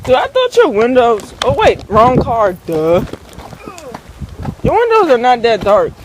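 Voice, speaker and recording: A man vlogging in casual chat, excitable, swearing freely and laughing. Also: very high voice, measured pace, background noise. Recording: loud music behind the voice.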